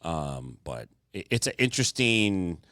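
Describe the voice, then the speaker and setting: A man's voice: sits low, measured pace, dry recording, clean studio sound. A man hosting a podcast in casual chat, joking around and slipping into silly impressions. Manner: animated, jokey, does silly impressions. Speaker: podcast host.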